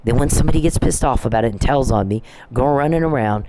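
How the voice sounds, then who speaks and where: A woman's voice: rumbling low, quick pace, background noise. Blunt, profane woman ranting. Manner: heated, blunt and profane, with frequent restarts. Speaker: vlogger. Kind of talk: angry personal rant to camera.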